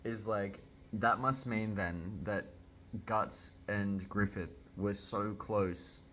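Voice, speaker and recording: Low-voiced guy ranting about a manga chapter, swears a lot, gets all worked up. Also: fairly even intonation, slow pace, fairly bright tone, slight background noise. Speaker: manga reviewer. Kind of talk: casual reaction commentary.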